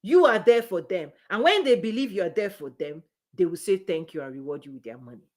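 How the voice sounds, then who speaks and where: A woman's voice: on the low side, lively intonation, brisk, a little mellow. A woman business coach giving a motivational live-stream talk. She speaks in an emphatic, repetitive preaching cadence and laughs between her points.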